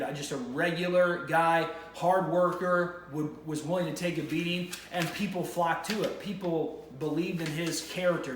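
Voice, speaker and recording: A male vlog host talks enthusiastically to camera in a casual monologue, rambling and restarting his sentences. His voice sits on the high side with a fairly bright tone, and the recording has a roomy echo and faint ambience.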